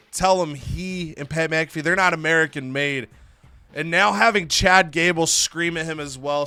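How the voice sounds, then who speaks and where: A young man hosting a gaming video, animated and storytelling, acting out characters as he recaps a wrestling game. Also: a little high, dry recording. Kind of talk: casual narration of a wrestling game save.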